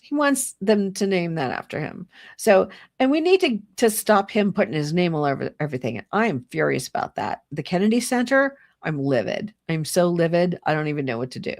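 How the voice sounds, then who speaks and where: A woman's voice: on the low side, big pitch swings, a little fast, a little mellow, no room sound, studio quality. A middle-aged woman hosting her channel, ranting heatedly about politics in a rambling, indignant way with many restarts. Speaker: channel host. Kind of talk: solo political rant to camera.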